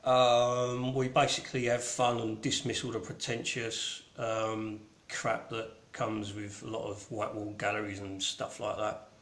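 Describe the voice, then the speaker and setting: A man's voice: fairly low pitch, little pitch movement, a little slow, fairly bright tone. Rambling Cockney man in an echoey room. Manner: rambling and irreverent, with many ums and mild swearing. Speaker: online gallery show host. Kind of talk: casual live-stream chat.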